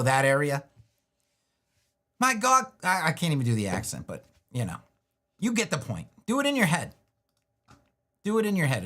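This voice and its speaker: While building a website on a live stream, a man thinks aloud, loose and talkative. He restarts often and cracks little jokes to himself. His voice is a little high with a fairly bright tone.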